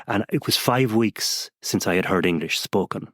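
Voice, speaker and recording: Halting Irish man, lowish voice. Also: no echo, clean studio sound. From Ireland. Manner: halting, with many repeated words and restarts. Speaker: podcast guest. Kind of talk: conversational storytelling.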